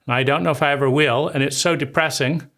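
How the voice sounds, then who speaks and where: A man voicing an overwhelmed, hypocritical mother who is flustered, self-pitying and halting. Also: a little high, steady tone, a bit bright. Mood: defeated.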